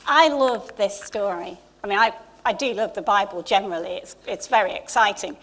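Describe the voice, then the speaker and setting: A woman's voice: mid-range voice, normal speed, a bit bright. A middle-aged woman with an English accent giving a chatty, informal Easter sermon in a church, with light asides to the congregation. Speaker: church leader. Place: church hall.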